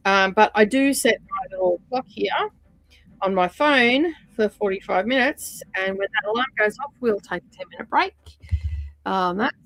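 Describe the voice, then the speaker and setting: A woman's voice: medium pitch, a bit bright, no echo, low-quality recording. A woman hosting a stitch-along livestream, chatting casually with many fillers and drifting from the mic while she sorts threads.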